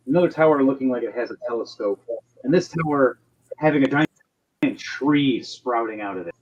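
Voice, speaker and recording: A man's voice: medium pitch, darkish tone. Rambling man running a tabletop game. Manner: rambling, hesitant, lots of fillers and restarts. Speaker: game master. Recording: dull lo-fi stream audio.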